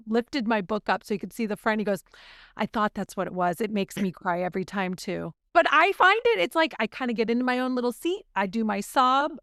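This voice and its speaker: Her voice is a little high, clear, and resonant with a fairly bright tone, captured at studio quality without room sound. She is a podcast co-host chatting casually, sharing candid reflections and showing her feelings openly.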